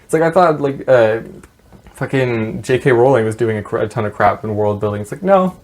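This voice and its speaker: A man's voice: medium pitch, expressive, fairly quick, a little mellow. A man co-hosting a podcast in casual chat, rambling and swearing as he retells stories with laughs. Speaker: podcast co-host. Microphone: podcast mic.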